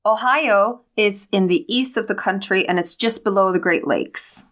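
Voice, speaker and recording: A woman's voice: medium pitch, fairly bright tone. A woman co-hosting a casual podcast, offering theories and short chatty interjections. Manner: speculative, chatty, quick interjections. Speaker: podcast co-host.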